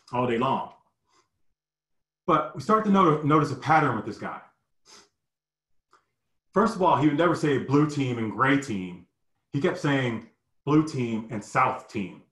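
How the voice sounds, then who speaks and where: Brief: man in his fifties, mid-pitched, lively personal storyteller, roomy echo. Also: normal speed, long pauses. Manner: animated, acts out the people in his story. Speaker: guest storyteller.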